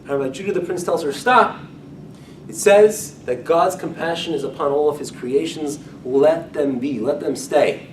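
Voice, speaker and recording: A man's voice: moderate pace, few pauses, dark tone. A man teaching a Talmud class as a rabbi, talking in a conversational way and often repeating or restarting his phrases. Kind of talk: lecture-style Talmud class. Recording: echoey room, speaker far from mic, faint rumble.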